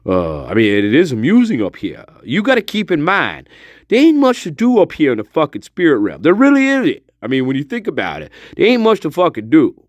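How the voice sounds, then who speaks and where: A man's voice: fairly high pitch, huge pitch swings, a little fast, no echo. A man doing a drawling old spirit voice. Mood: mocking. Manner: drawling, profane, teasing. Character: old male spirit mocking the host.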